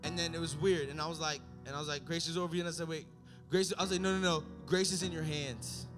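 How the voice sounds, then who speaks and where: A young man preaching a sermon, telling stories and building up to shouted climaxes. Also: fairly high pitch, fairly even intonation, quick pace, over music.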